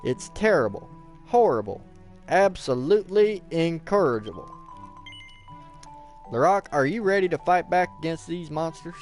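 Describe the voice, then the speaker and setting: A man's voice: a little high, big pitch swings, normal speed, pauses often, a little mellow, soft background music, pitched above the performer's own voice. A man voicing an earnest young woman healer from a video game, reading her lines in a dramatic, formal way. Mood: dismayed.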